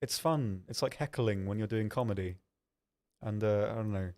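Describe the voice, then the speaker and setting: Chatty young man, lowish voice. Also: normal speed, darkish tone. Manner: chatty and self-deprecating, reads viewer questions aloud and answers with frequent ums. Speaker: stream host answering chat. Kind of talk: casual live-stream chat.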